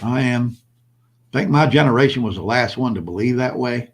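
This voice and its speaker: A man's voice: mid-range voice, moderate pace, husky. An older man hosting his own vlog, talking bluntly and preachily to his viewers and repeating his points. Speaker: prepper channel host. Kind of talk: impassioned solo vlog monologue.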